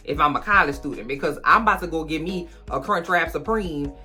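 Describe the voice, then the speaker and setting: A woman, recapping a movie in a sassy, profane, comic way and acting out characters in quick voices. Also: sits low, sharp tone, soft background music.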